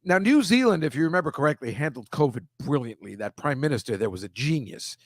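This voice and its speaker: A man hosting a comedy show, talking casually and exasperated over a series of pictures, ranting with quick asides. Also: medium pitch, expressive, no room sound, clean studio sound.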